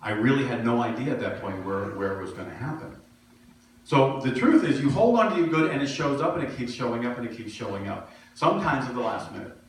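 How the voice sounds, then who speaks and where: In a church sanctuary, a middle-aged male minister delivers a sermon in a conversational, storytelling style full of self-deprecating humor. His medium-pitched voice is animated and fast. The recording sounds echoey, as if captured from far off in a hall.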